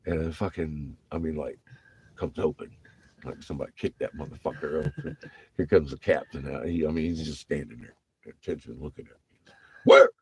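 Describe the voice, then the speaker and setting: A man's voice: rumbling low, normal speed, darkish tone, husky. A man telling rambling, profane stories about his navy days in casual vlog talk, laughing often between lines.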